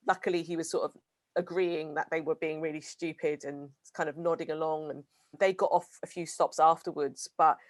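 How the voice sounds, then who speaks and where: Low-voiced British woman, hesitant. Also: no room sound. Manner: hesitant, full of "sort of" and "kind of". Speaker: co-host. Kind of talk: casual discussion.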